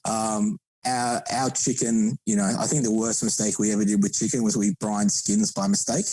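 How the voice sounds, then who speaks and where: A man's voice: on the low side, moderate pace, mellow, no room sound, rough recording. A man chatting casually as a podcast guest, rambling with frequent restarts. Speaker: podcast guest, barbecue competitor.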